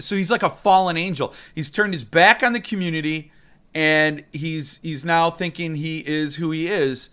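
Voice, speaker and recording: A man's voice: a little high, normal speed, sharp tone, smooth. A man hosting a live stream, ranting in a rambling, mock-outraged way, and he breaks into sudden screams.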